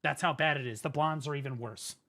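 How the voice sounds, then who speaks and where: An American man streaming a game, telling stories in an animated, swearing comedic rant. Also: mid-range voice, fairly quick, a little hiss or hum. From United States.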